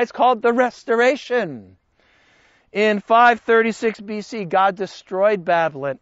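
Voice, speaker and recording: A man teaching a Bible study class in an animated, conversational way, joking with his listeners. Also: high-pitched, dry recording, highs cut off.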